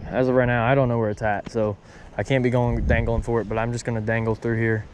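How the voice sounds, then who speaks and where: A man's voice: mid-range voice, fast. Young guy fishing vlog, gets all worked up, windy noisy outdoor audio. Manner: excitable, flustered, talks to viewers. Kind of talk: casual fishing vlog talk. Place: outdoors by the water. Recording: noisy outdoor recording with wind.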